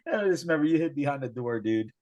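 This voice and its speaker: A man's voice: a little high, expressive, racing, a little mellow, highs cut off. Laughing man telling a crude story. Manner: laughing, profane, acts out quotes. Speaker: podcast co-host. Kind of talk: casual storytelling chat.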